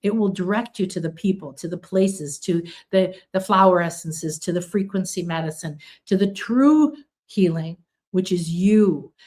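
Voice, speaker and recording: A woman's voice: lowish voice, moderate pace, a little mellow. A middle-aged woman giving a motivational spiritual talk, earnest, stacking long repeated lists and acting out quoted pleas. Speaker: spiritual healing teacher.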